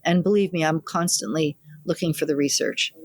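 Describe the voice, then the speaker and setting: With a low voice and moderate pace, an older woman who works as a midwife shares family stories in an interview, lively and acting out quoted relatives. The audio is dry and studio quality.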